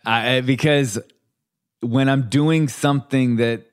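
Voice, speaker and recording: A man, a podcast co-host, in casual chat, animated and quick to laugh. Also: medium pitch, clean tone.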